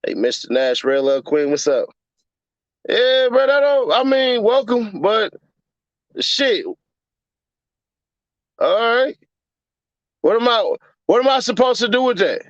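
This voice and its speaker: A man's voice: very high-pitched, big pitch swings, slow, pauses often, no room sound, highs cut off. A man, hosting a casual livestream and ranting with profane jokes. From Chicago, USA. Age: 30s. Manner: profane joking rant, puts on mocking voices. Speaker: livestream host.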